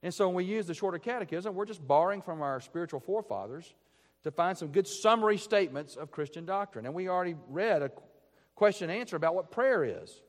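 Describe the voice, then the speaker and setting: Male pastor, emphatic sermon delivery, voice a touch high, echoing sanctuary. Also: animated, quick pace. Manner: earnest, emphatic, repeats key phrases. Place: church sanctuary. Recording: long church reverb.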